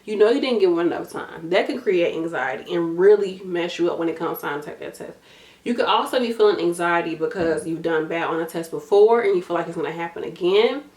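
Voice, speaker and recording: A woman's voice: on the low side, a little fast, a little mellow, echoey room. A tired woman in a casual advice vlog, talking in a direct, matter-of-fact coaching way with casual slang and lots of repetition. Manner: casual, uses y'all and gonna, repeats herself for emphasis. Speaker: nursing YouTuber giving study advice.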